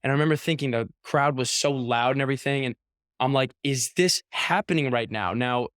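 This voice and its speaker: Animated young man telling a story. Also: medium pitch, brisk, smooth, no room sound, studio quality. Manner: animated storyteller, heavy use of "like", acts out quotes. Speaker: professional baseball pitcher, guest. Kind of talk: casual storytelling interview.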